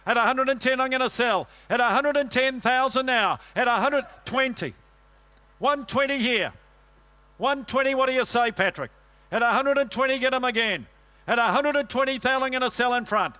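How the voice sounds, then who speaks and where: A man working as an auctioneer, rattling off bids in a quick rhythmic chant and coaxing bidders. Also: sits high, bright, forceful tone. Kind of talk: livestock auction calling.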